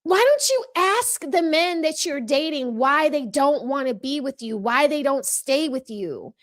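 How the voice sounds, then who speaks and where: A woman hosting a casual livestream show from home, reading viewer comments and giving sassy, chatty commentary with frequent laughs. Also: high-pitched. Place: home room with a window open. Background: dog barking.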